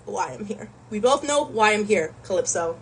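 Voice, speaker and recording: A woman voicing Hermes as a blunt, no-nonsense messenger god with a flat, matter-of-fact delivery. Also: medium pitch, normal speed, a little hiss or hum, natural voice, low-quality recording. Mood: deadpan.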